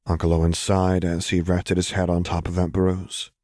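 A man narrating a serialized fan story in a calm, measured way. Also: deep voice, dry recording, clean studio sound. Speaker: audiobook narrator. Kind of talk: scripted fanfiction narration.

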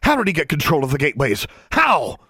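A man's voice: on the low side, expressive, a little fast, husky, dry recording, studio quality. A male narrator voicing a stern, commanding female wizard inquisitor in a storybook. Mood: furious. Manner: cold, commanding, clipped.

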